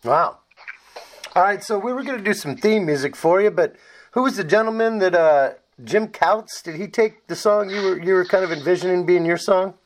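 Casting: middle-aged male interview host, high-pitched, upbeat and chatty with his guest. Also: normal speed, a little hiss or hum. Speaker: podcast host. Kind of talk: casual interview.

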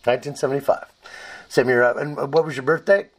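A man's voice: mid-range voice, fairly even intonation, fast. A middle-aged man hosting an interview, asking questions in an upbeat, chatty way. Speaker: podcast host. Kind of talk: casual interview.

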